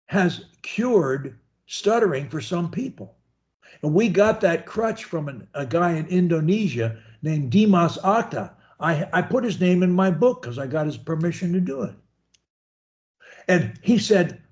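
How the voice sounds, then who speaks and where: A man's voice: high-pitched, lively intonation, measured pace, a little mellow, dull audio. A man coaching a student one-on-one over a video call, talking in a folksy, rambling, encouraging way. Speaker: speech coach.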